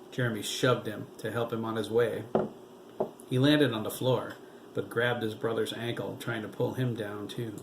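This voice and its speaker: A man's voice: on the low side, vocal fry, a little hiss or hum, low-quality recording. Man reading a novel aloud. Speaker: narrator. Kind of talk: audiobook reading.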